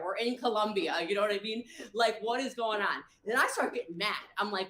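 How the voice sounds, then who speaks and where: A woman's voice: medium pitch, quick pace, few pauses, a bit bright. A woman on a livestream telling a long story, rambling and acting out what people said. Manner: rambling, acts out quotes. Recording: echoey room.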